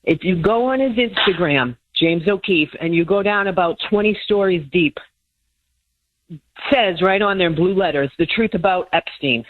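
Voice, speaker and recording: A woman calling in to a radio show, speaking hesitantly with frequent pauses and ums. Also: lowish voice. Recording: tinny phone line.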